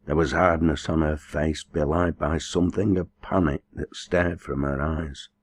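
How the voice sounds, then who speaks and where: Deep-voiced male audiobook narrator. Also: steady tone, unhurried, a little hiss or hum. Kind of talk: scripted narration.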